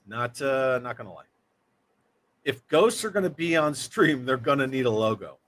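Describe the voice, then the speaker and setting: A man hosts a relaxed livestream. He talks at an everyday middle pitch in a loose, easygoing way. He reads out viewer comments and keeps up a joking back-and-forth with his co-host. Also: normal speed. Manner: chatty, reads viewer comments aloud and jokes around. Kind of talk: casual livestream chat.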